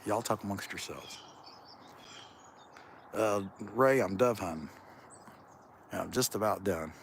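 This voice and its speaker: A man with a lazy Kentucky drawl rambles through a casual live chat, his voice sitting a bit low. He is out in open farm fields, with faint outdoor noise behind him. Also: measured pace, gravelly. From Central Ohio. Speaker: livestream host.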